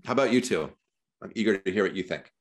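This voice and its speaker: Deep-voiced man, wry and reflective. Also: lively intonation, fast. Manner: reflective, with wry self-deprecating jokes. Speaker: seminary professor. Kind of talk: conversational theology discussion. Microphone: video call.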